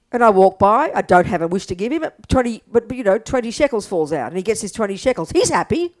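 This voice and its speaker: Older woman, Buddhist teacher, blunt lively delivery, acts out voices, wide pitch swings. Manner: animated, blunt, acts out quotes, laughs.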